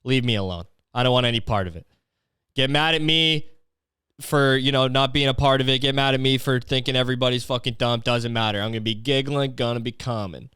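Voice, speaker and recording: A man's voice: mid-range voice, a little fast, sharp tone, clear, resonant tone, no echo, studio quality. A young man hosting a comedy podcast, ranting sarcastically with plenty of swearing. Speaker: podcast host. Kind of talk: solo comedic rant.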